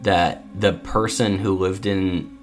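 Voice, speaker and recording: A man's voice: low-pitched, takes it slowly. A man co-hosting a podcast, telling a story with lots of fillers and acting out what people said. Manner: animated storyteller acting out quotes, many fillers. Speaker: podcast co-host. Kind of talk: casual storytelling.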